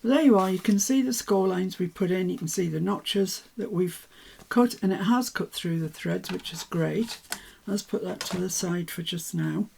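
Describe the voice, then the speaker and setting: A woman chatting casually to herself as she works on a papercraft project, with soft asides. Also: fairly low pitch, moderate pace, creaky, hardly any pauses, a little hiss or hum. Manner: chatty, self-talking while working, soft asides. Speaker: papercraft vlogger. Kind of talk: casual crafting commentary.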